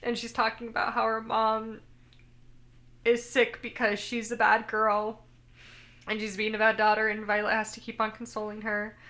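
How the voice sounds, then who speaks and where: A woman's voice: a little high, monotone, normal speed, sharp tone. A woman co-hosting a casual podcast, retelling anime scenes and quoting the characters in her own voice. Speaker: podcast co-host. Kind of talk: casual chat recapping an anime.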